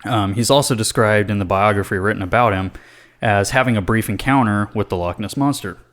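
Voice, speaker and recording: Low-voiced man rambling in a podcast. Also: brisk, a bit bright. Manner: rambling, many fillers and swearing. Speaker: podcast co-host. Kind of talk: casual podcast chat.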